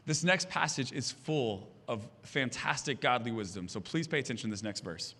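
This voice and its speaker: A man's voice: medium pitch, animated, moderate pace, pushed and bright. A man in his thirties preaching a sermon as pastor, telling funny family stories and acting out the voices of the people in them. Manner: humorous storytelling, acting out voices. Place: church stage.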